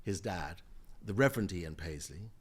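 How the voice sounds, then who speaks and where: A man's voice: low-pitched, normal speed, breathy edge. An older man from Jamaica and the UK, a guest in a podcast interview, speaking emphatically and telling stories with frequent laughter. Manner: emphatic, lively storyteller, laughs often. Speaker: guest, member of the House of Lords.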